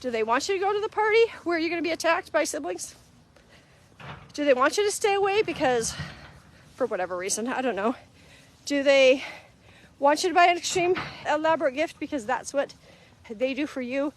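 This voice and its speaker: A woman's voice: high voice, expressive, brisk, pauses often, a little hiss or hum. A middle-aged woman hosting a casual live-stream talk, earnest and conversational, acting out little quoted exchanges as she goes. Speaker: host.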